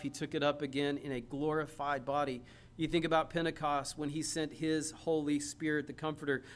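Male pastor with a high voice, preaching fervently and dramatizing scripture scenes. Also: fairly bright tone. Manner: preaching with rising fervor, addresses listeners as friends; acts out Bible figures in quoted dialogue. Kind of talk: sermon.

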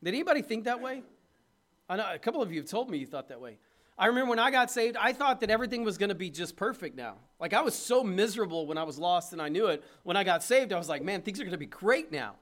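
High-voiced pastor preaching. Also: male voice, expressive, fast. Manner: impassioned preaching, swings between loud urging and soft tenderness. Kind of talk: sermon.

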